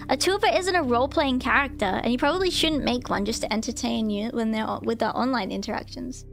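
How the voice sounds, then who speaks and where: A woman streaming live, reading a guide aloud and chatting hesitantly with many pauses and ums. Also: fairly high pitch. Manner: hesitant, full of ums and restarts. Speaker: VTuber streamer.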